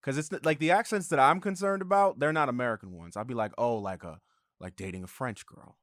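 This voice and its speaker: A man's voice: mid-range voice, quick pace, a bit bright, no echo, studio quality. A man hosting a podcast in casual chat, thinking aloud with hesitant restarts. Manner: rambling, hesitant, restarts often. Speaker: podcast host.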